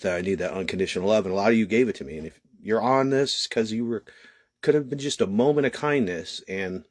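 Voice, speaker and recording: Low-voiced man giving an emotional testimony. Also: dry recording, clean studio sound. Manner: halting, many restarts and pauses. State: emotional, holding back tears. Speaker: testimony speaker. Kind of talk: personal testimony.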